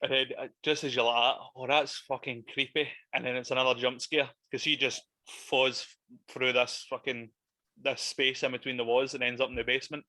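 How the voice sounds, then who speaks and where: A man's voice: medium pitch, little pitch movement, fairly quick, sharp tone, no echo. A man in casual, sweary chat about a horror film, laughing often.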